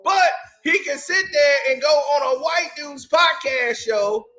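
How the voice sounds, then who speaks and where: Guy ranting hard, real high voice, shouts and repeats himself. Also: unhurried, faint music behind. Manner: angry, shouting, repetitive. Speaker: commentary channel host. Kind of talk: heated commentary rant.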